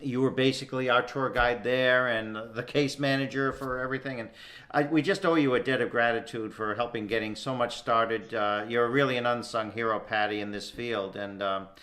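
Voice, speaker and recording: A man's voice: medium pitch, steady tone, moderate pace, bright, forceful tone. A man hosting a paranormal talk show, rambling with uh and um as he thanks his guest. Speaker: host. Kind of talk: casual show interview.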